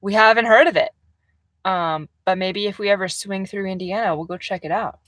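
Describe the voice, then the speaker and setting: A woman's voice: mid-range voice, brisk, fairly bright tone, no echo. Giggly young woman chatting in a van. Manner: chatty and giggly, reads viewer comments aloud. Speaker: vlogger hosting a livestream. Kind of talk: casual livestream chat. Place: camper van.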